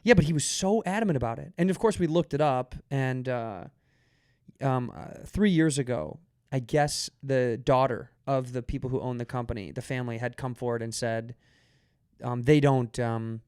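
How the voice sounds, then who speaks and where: A man's voice: mid-range voice, normal speed, smooth, dry recording. Male podcast host, rambling anecdotal comic delivery, dry close mic. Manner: animated storyteller, rambling with restarts. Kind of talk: casual chat.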